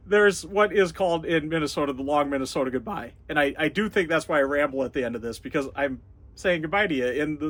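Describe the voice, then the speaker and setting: A man's voice: a little high, expressive, fast, fairly bright tone. Rambling Upper Midwest American man. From North Dakota. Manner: rambling, chuckles often. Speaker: YouTuber. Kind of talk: casual vlog chat.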